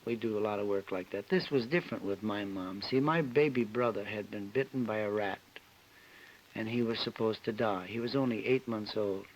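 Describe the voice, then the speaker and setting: Heard through the hiss of a dull 1961 TV broadcast, a man with a fairly low voice shares an emotional personal story at normal speed. He is a celebrity guest on a panel show.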